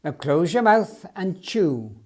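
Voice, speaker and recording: A man voicing an excitable male circus elephant keeper who gushes in broken English. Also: high-pitched, takes it slowly, full character voice. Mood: excited. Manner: eager, gushing, broken English.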